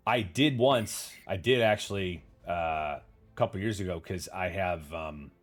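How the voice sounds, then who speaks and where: A man's voice: sits low, unhurried, soft background music. A man hosting a casual livestream chat, telling rambling stories with casual swearing and answering viewer comments. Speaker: podcast host.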